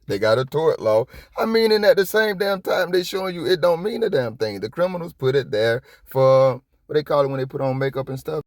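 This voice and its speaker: A man giving casual reaction commentary on a police video, rambling and profane, with sudden high-pitched outbursts. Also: expressive, fairly quick, hardly any pauses, dry recording, studio quality. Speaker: copwatch commentator.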